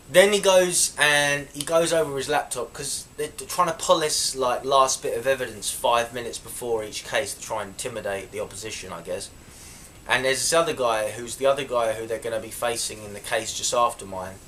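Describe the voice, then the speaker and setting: A young man recounts events straight to camera in a chatty, indignant tone. His voice sits at a middle pitch, and a little background noise can be heard under it. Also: fairly quick, bright, forceful tone. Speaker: vlogger. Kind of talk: casual storytelling to camera.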